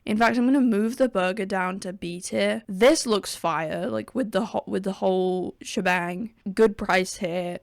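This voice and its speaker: A young woman with a gravelly, fry-laden voice, recorded close and dry. She rants and jokes sarcastically through casual commentary and swears freely. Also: mid-range voice, a little slow, hardly any pauses, dry recording. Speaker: gaming video creator. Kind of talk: casual tier-list commentary.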